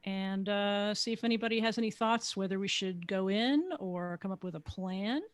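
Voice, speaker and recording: A woman with a medium-pitched voice plays a tabletop game. She states her character's actions in a plain, matter-of-fact way. The recording is dry, with no room sound. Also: moderate pace, dry recording. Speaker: player. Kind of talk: casual chat, playing a tabletop game.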